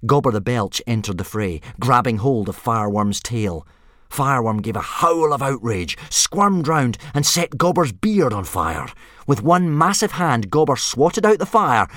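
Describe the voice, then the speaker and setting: A man reading a children's adventure story aloud with lively, animated narration. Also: medium pitch, no echo, studio quality. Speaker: audiobook narrator.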